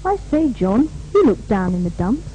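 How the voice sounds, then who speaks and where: A woman's voice: fairly high pitch, sing-song, moderate pace, dark tone, highs cut off, a little hiss or hum. A woman playing a sympathetic friend in a scripted language-course dialogue, asking questions in a bouncy, sing-song way. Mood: concerned.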